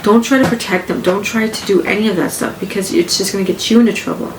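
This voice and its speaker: A woman's voice: medium pitch, steady tone, fast talker. A woman hosting a personal podcast from her living room, talking candidly in a rambling way and often repeating herself. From Canada. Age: adult with grown children. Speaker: podcast host. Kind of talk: casual personal podcast monologue. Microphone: home podcast mic setup. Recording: echoey room with faint background hum.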